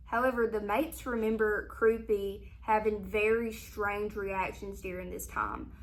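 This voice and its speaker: A woman's voice: medium pitch, a bit bright, rough recording. A woman hosting a podcast, narrating a true crime story in a chatty, conversational way with asides. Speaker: podcast host.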